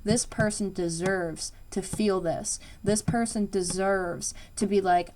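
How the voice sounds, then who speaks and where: A woman talks through a tarot reading in a loose, rambling way, dropping fillers and swearing for emphasis. Her voice sits at an ordinary middle pitch. A faint background noise runs under the recording. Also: steady tone, slow pace, few pauses, a little mellow. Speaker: tarot reader. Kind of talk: casual spoken tarot reading.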